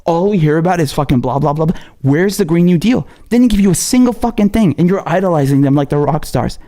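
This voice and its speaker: A man's voice: on the high side, expressive, fast talker, mellow. A man not from America, a political commentator, delivering an angry, profane, scolding monologue. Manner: profane, scolding, repetitive and heated.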